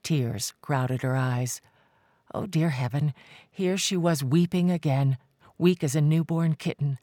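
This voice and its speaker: Measured audiobook narrator, slow, mid-pitched, dry close recording. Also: dark tone, no echo. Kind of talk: scripted narration.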